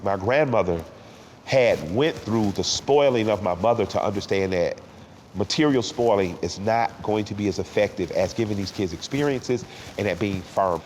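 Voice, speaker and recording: A middle-aged man from Atlanta, talking candidly and emotionally in a sit-down interview, with halting restarts. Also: on the low side, a little mellow. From Atlanta, Georgia. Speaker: interview guest. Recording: roomy hall with faint background noise.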